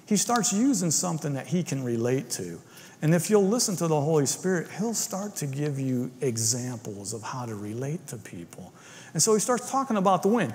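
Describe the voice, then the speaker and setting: A man's voice: fairly high pitch, sing-song, moderate pace, darkish tone, big-room sound. A man preaching a casual, conversational sermon in a church, often tagging his points with "right?". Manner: informal, keeps asking "right?". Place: church sanctuary.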